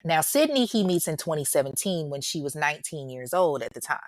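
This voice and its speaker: A woman's voice: deep voice, very animated, a little fast, no room sound, studio quality. A woman hosting a true-crime show, telling the story in casual commentary with blunt, profane asides.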